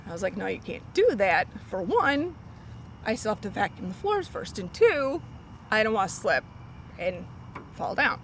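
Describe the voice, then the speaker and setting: A woman telling a story from her cleaning job in casual talk, acting out a little girl's lines in a high voice. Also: moderate pace, low-quality recording. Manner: animated, acts out a child's lines in a high voice. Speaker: storyteller guest on a vlog. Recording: faint street noise.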